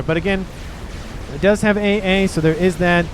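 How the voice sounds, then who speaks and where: A man casting a real-time strategy match, excitable and talking straight to the players. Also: on the high side, moderate pace, background noise. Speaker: game caster. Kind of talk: strategy game commentary.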